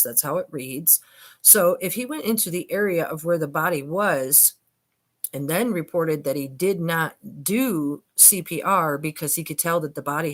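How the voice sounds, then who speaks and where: An older woman vlogger with a low-pitched voice offers casual commentary on documents. She's chatty and emphatic, frequently calling her viewers "you guys."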